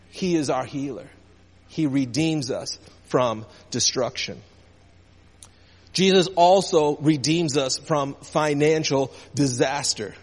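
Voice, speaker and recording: Man preaching a sermon in church, calls for amens, long hall echo. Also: on the high side. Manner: call-and-response preaching, rising and falling emphasis. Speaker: pastor. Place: church sanctuary.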